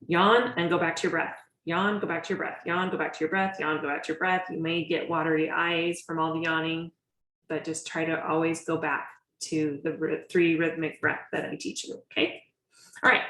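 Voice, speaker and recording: A woman teaching a breathwork class over a video call in a casual, reassuring, chatty way. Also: on the low side. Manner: chatty, reassuring, with laughs and fillers. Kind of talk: casual instructional talk. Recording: echoey room.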